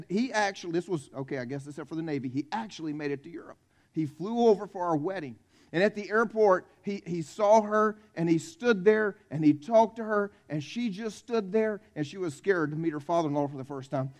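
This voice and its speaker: A male pastor from South Carolina delivers a Christmas Eve sermon in church. His voice is high, and his style is folksy and conversational as he jokes with the congregation.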